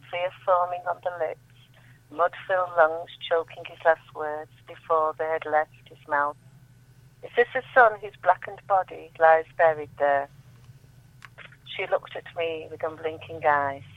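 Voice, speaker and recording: Brief: female guest poet calling in, solemn measured recitation, tinny phone-line sound. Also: sits low, no echo. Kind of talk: reading her own poetry aloud. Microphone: telephone.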